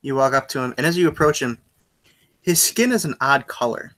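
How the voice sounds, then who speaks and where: A man running a tabletop game as game master, narrating in a halting way and often correcting himself. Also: mid-range voice, lively intonation, fairly bright tone.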